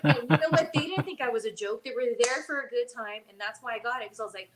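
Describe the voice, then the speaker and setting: A woman's voice: a little high, fast talker, few pauses, roomy sound, poor audio. A woman co-hosting a podcast who wrestles, chatting and telling her stories with frequent laughter. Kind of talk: casual chat.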